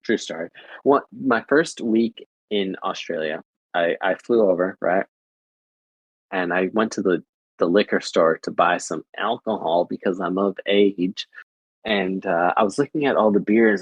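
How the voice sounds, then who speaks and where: Young American male streamer, casual and rambling, husky and low. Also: measured pace, no echo, muffled recording. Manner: rambling, repeats filler phrases. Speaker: livestreamer chatting with viewers. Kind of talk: casual chat.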